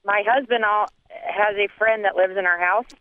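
A woman calling in to a radio show, speaking hesitantly with many pauses and restarts. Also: medium pitch, steady tone, no echo. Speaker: caller. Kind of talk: phone-in conversation. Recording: tinny phone line.

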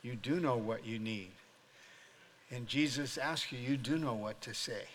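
An older man, a pastor, preaching a sermon as an animated storyteller who acts out voices and laughs often. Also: medium pitch, moderate pace, long reverb tail.

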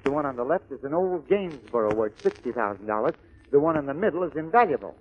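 A man's voice: big pitch swings, fast talker, close to an everyday voice. Brief: man doing a matter-of-fact, snooty bartender in an old radio comedy bit, dull lo-fi sound. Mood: dry. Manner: low, quiet, matter-of-fact. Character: stuffy upscale bartender, man. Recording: lo-fi old radio recording, faint hiss.

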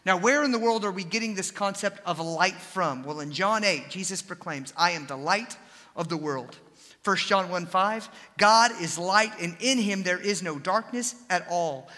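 A young adult man preaching a sermon, switching between scripture and animated, folksy storytelling asides. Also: high-pitched, big-room sound.

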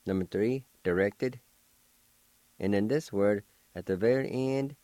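A man's voice: low-pitched, dark tone, dry recording. A man teaching words on the radio, spelling them out patiently letter by letter. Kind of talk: slow spelled-out language lesson.

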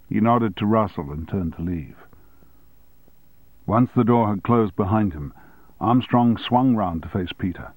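A man narrating an audiobook in a steady, low-key manner. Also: a little slow, pauses often, no echo, low-quality recording.

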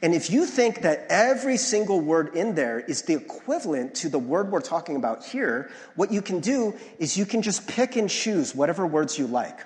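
A man's voice: high voice, very animated, normal speed, few pauses. A male pastor giving a conversational sermon, often checking in with "right?" and acting out the voices he quotes. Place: church sanctuary. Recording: long hall reverb.

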